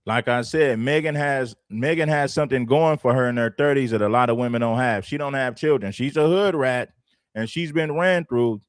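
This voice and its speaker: A man's voice: mid-range voice, moderate pace, clean tone, no echo, clean studio sound. A man hosting a livestream, giving blunt, preachy opinions and repeating phrases for emphasis. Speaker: livestream host.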